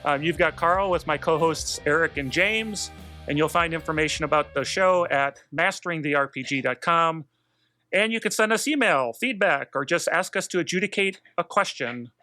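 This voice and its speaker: A man's voice: a little high, moderate pace, sharp tone, no room sound, faint music behind. A man hosting a tabletop game podcast in a laid-back, rambling way with fillers. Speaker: podcast host. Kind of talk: casual chat.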